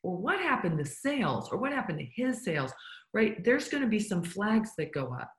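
A woman's voice: mid-range voice, very animated, moderate pace. Emphatic woman coaching in an echoey room. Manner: emphatic, asks the listener rhetorical questions. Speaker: business coach. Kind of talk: motivational business talk.

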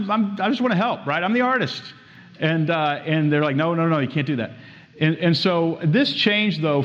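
A man giving a talk, telling a story with lively acted-out dialogue. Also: on the high side. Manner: animated storytelling, acts out dialogue. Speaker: speaker. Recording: dull sound with long hall reverb.

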